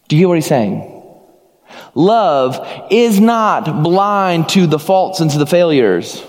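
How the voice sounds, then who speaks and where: A man's voice: a little high, very animated, a little slow, darkish tone, long reverb tail. A man preaching a sermon as pastor, earnest, acting out short dialogues as he speaks.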